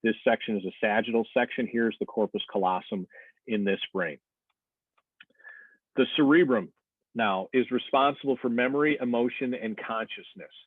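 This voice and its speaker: Male anatomy instructor, mid-pitched, patient explainer, dry thin phone-like sound. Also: moderate pace, no echo. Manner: explanatory, checks in with "okay?" and "right?", frequent "uh" fillers. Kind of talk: recorded classroom lecture. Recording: tinny phone-like dry recording.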